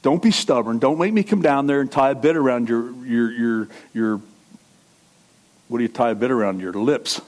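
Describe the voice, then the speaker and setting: A pastor preaching to a congregation in a conversational way, asking questions and joking. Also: male voice, mid-range voice, normal speed, a little mellow. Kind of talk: sermon.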